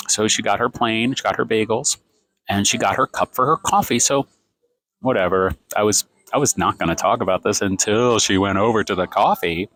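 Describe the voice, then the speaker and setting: A vlogger in his fifties sits in a café filming a rambling, sarcastic rant on his phone, clearly exasperated. His voice is fairly low and a bit bright, and he talks fairly quickly.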